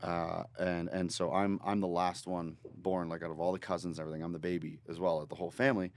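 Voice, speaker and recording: A man from Northern Ontario tells a story as a guest in a podcast studio, in a low voice at a quick clip. He rambles with lots of restarts, stays energetic and swears now and then. The studio sound is dry and close. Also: dry recording. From Northern Ontario, Canada. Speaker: guest musician. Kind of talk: casual interview storytelling.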